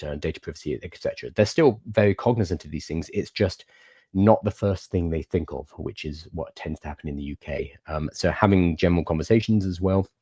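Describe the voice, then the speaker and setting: A man's voice: low voice, darkish tone, slightly rough, no room sound, studio quality. A young man hosting a livestream, chatting casually and answering viewer questions in an explanatory way. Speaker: livestream host.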